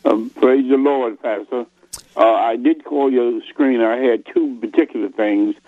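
A male caller speaking hesitantly and haltingly as he asks his questions. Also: medium pitch, no echo. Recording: tinny phone line.

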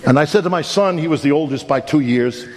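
A middle-aged male pastor preaching a sermon, telling a funny story in an animated, self-mocking way with sudden emphatic rises. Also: a little high, fast talker. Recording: long hall reverb, faint background noise.

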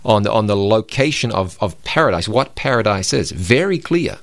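A man's voice: fairly low pitch, expressive, moderate pace, dry recording. A man co-hosting a Bible program, arguing his points emphatically and repeating words for stress. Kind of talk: conversational Bible teaching.

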